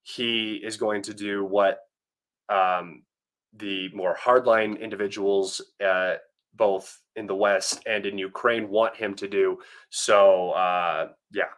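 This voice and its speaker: A man's voice: fairly low pitch, fairly even intonation, slow, fairly bright tone. An American man hosting a livestream, giving casual commentary in a rambling way with many fillers and restarts. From United States. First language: English. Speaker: livestream host.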